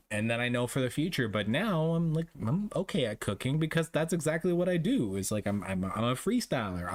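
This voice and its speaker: A man streaming a casual chat with his viewers, ranting with lots of swearing and frequent laughs. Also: medium pitch. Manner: profane, ranting, laughs often.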